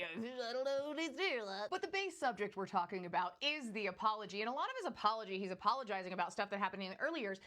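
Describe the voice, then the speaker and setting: A chatty woman hosting a recap vlog, quick with sarcastic jabs. Her voice sits slightly high and leaps around a lot as she talks straight to her audience. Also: fairly bright tone. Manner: chatty, sarcastic, addresses viewer directly. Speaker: host. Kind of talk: casual recap commentary.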